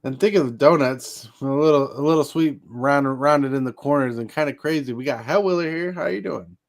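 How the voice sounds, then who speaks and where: A man hosting a relaxed chat stream, with a voice of middling pitch. He rambles through his points, leans on fillers, and laughs often. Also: moderate pace. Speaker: podcast host. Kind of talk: casual chat.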